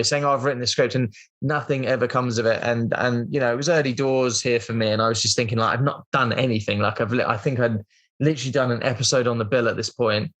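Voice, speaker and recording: A man from Britain in his thirties, sitting as a podcast guest. His voice sits at an ordinary middle pitch. He tells a long anecdote casually, full of fillers and restarts. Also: fairly bright tone. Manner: rambling, chatty, lots of "like" and "um" fillers. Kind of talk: casual storytelling interview.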